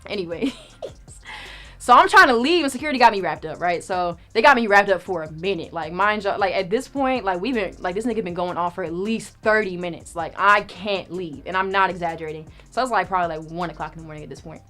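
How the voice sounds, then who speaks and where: A young woman telling a story in casual chat, animated and profane, acting out what people said. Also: on the low side, fast, faint music behind. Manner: animated, profane, acts out quoted lines. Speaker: storyteller guest.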